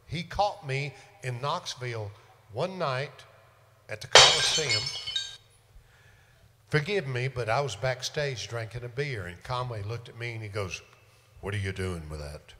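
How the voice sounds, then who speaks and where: An older man, a singer hosting a livestream show, tells folksy, joking stories as casual banter between songs. His voice is mid-range with a sharp tone, and the reverberant room is filled with music.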